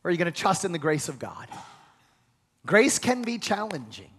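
A man's voice: high-pitched, a bit bright. A man preaching a sermon as pastor, emphatic and stumbling over repeated words as he starts sentences.

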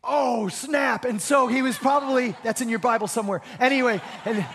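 A man preaching a sermon, animated, repeating key phrases and leading his congregation in call-and-response. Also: very high-pitched, fast talker, slight background noise.

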